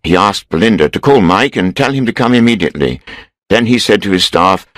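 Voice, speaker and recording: A man reading a story aloud in a steady, measured way for English learners. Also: on the low side, no echo, rough recording. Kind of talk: scripted storybook narration.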